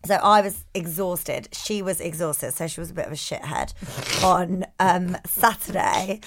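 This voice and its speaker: Woman, thirties, podcast co-host, animated and sweary storyteller. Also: fairly low pitch, a little slow, background noise. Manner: animated storytelling, swears freely, acts out quotes. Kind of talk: casual chat.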